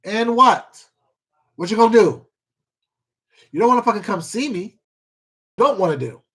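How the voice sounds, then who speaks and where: A man with a notably high voice for his sex, hosting an eating livestream. He rants bluntly, swears freely and hammers his points home through repetition, breaking off now and then to greet his viewers by name. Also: animated, moderate pace, a bit bright, slightly rough. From Washington State. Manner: blunt, profane and emphatic, repeats himself, greets viewers by name. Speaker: mukbang YouTuber. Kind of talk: casual live-stream rant while eating.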